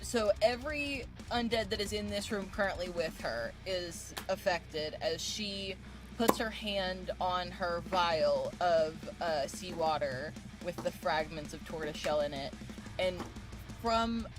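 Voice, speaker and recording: A woman's voice: lowish voice, unhurried, over music. A woman playing a tabletop game, describing her character's power and explaining its rules at length. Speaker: player.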